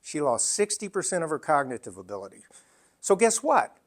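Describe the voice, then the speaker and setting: A man in his sixties giving an emphatic storytelling talk, full of dramatic pauses. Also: fairly high pitch, very animated. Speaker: speaker.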